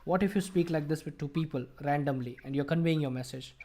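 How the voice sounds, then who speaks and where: A man's voice: on the high side, fast talker, darkish tone. A man with an Indian English accent teaching an online English speaking class, explaining and quizzing his students. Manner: explanatory, asks the class questions. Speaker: IELTS tutor.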